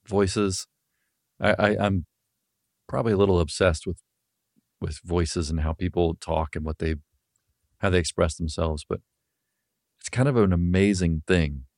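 A Southern US man with a very low voice tells animated stories on a podcast and laughs along as he goes. He speaks close to the mic. The room sound is dry. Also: no echo. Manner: animated storyteller, laughs through his stories. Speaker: podcast guest, author and comedian. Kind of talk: casual podcast chat.

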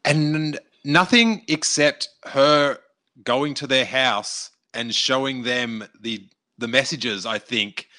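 A man with a very bright, forceful tone talks in a loose podcast chat. He jumps between thoughts with animated asides and quick restarts. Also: mid-range voice. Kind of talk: casual chat.

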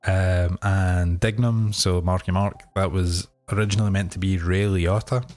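Low-voiced man chatting easily. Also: steady tone, a little mellow. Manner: easygoing, measured, with filler pauses. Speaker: podcast co-host. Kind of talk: casual chat.

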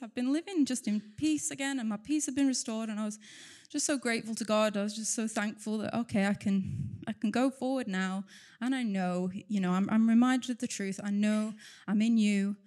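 A woman's voice: fairly high pitch, a little fast, hardly any pauses, a little mellow. A woman giving an earnest, chatty personal testimony at church, with light laughter. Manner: chatty, fills silences with talk. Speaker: church member sharing testimony.

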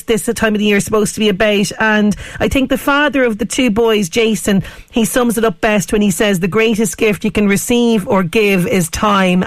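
A woman hosting a radio interview, gushing with praise and chatting warmly. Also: mid-range voice, no echo. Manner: enthusiastic, effusive praise. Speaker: radio show host.

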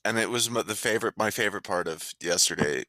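A man's voice: on the low side, fast talker, dry recording. A man co-hosting a podcast, chatting casually, laughing often and keeping the segments moving. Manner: lively, laughs often, moves segments along. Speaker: podcast co-host. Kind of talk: casual chat.

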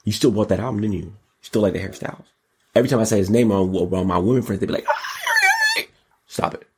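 A man hosting a show, giving casual, mocking commentary on pop culture and politics in an animated way. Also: rapid-fire, husky. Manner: animated, mocking, jumps into high exclaims. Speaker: show host.

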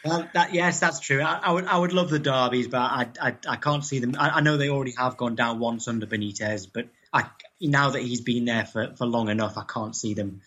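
A man's voice: mid-range voice, a little fast, hardly any pauses, pushed and bright, highs cut off. A man from North East England, chatting as an interview guest, often repeating words as he starts sentences. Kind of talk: casual interview chat.

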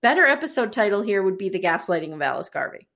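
A woman co-hosting a casual chat, recapping a story with animated storytelling and acting out the characters' lines. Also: mid-range voice, quick pace, vocal fry. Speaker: podcast co-host recapping episodes.

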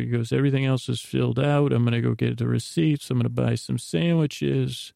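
A man's voice: mid-range voice, gravelly, mellow, dry recording, studio quality. A man hosting a sleep podcast, retelling a TV episode in a meandering bedtime ramble full of restarts and asides. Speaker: podcast host.

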